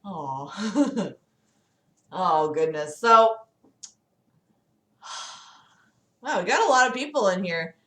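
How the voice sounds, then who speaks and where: A woman's voice: medium pitch, lively intonation, very slow, long pauses, sharp tone, roomy sound. A young woman hosting a casual livestream from her city apartment, rambling and giggling, with lots of "like". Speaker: livestream host.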